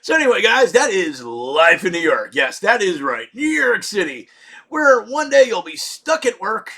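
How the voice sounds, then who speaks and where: A middle-aged man telling a comedic story with lots of swearing, shouting out his punchlines. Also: sits high, very animated, moderate pace.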